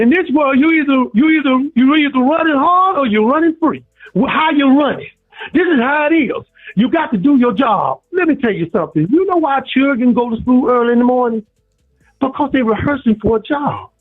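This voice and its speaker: A man calling in to a sports radio show, preaching and repeating himself. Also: slightly rough. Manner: preachy, repeats himself, swings high and low. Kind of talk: impassioned call-in rant. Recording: tinny phone line.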